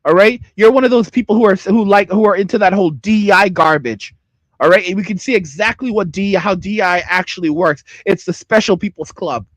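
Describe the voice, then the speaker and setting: A channel host rants angrily at his livestream chat in a high-pitched voice, talking a little fast and repeating himself in his heated reaction. The recording is dry.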